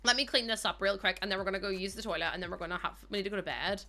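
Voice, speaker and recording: A woman's voice: medium pitch, fairly even intonation, very fast, bright, forceful tone, faint music behind. A young woman livestreaming a life-sim game, chatting casually to her viewers and the game characters and laughing often. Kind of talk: casual livestream chat while playing.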